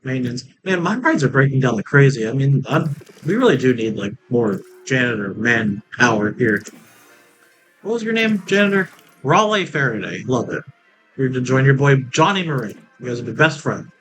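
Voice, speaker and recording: A man's voice: mid-range voice, big pitch swings, moderate pace, fairly bright tone, faint music behind, rough recording. A man giving casual, rambling commentary while he plays a theme park building game, joking and laughing at his own jokes. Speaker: let's play gamer.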